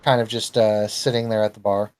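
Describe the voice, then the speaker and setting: A man's voice: fairly low pitch, little pitch movement, fairly quick, darkish tone, smooth, poor audio. A man narrating a tabletop game as game master, in a casual, hesitant way.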